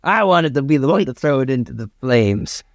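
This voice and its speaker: Folksy old cowboy dad, a man doing the voice, lively and high, dry mic. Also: brisk, no room sound, natural voice. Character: gruff cowboy father, folksy and proud.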